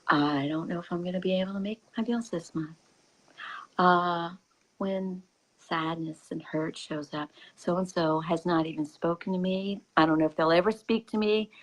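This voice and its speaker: A woman giving a reflective spiritual talk. She speaks softly and intimately, often sinking to a whisper, and laughs easily. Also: fairly low pitch, gravelly, low-quality recording. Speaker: spiritual teacher.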